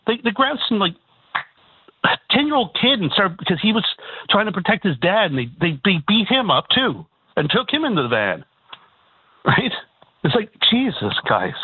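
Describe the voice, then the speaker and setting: A man's voice: sits high, big pitch swings, moderate pace, pauses often, breathy edge, no echo. A man calling in to a radio show, agitated and stumbling over restarts as he talks. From Canada. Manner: agitated, repetitive, stammering restarts. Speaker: caller. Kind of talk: call-in radio talk. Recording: tinny phone line.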